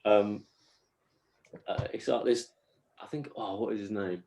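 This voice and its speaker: Casual man, low-voiced storyteller. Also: unhurried, mellow, slight background noise. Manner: rambling, laughs while telling stories, slips into silly voices. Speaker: podcast co-host. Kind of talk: casual chat.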